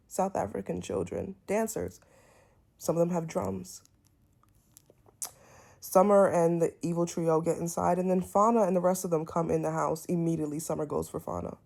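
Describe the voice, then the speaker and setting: A woman's voice: fairly low pitch, creaky. Sassy Brooklyn woman reviewing reality TV. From Brooklyn, New York. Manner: animated, sassy, blunt commentary with quick asides. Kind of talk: casual episode review vlog.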